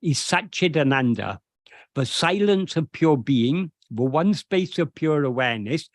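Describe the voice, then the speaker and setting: A spiritual teacher with a somewhat high, expressive voice explains a devotional verse line by line. He speaks slowly and deliberately, pausing often and hesitating. The sound is dry and close, with no echo or room around it.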